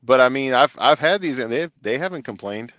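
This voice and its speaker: A man with a smooth, resonant voice chats in a relaxed, rambling way on a podcast. The sound is dry and a little dull. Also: mid-range voice, fairly quick, no room sound. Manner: laid-back, talks in long run-on explanations. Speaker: CDL instructor, co-host. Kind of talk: casual podcast chat.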